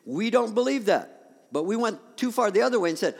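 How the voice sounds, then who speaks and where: Animated preaching man in a church. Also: high voice, a little fast, vocal fry, big-room sound. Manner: animated preaching with rising emphatic peaks. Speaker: pastor. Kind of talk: sermon. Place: church sanctuary.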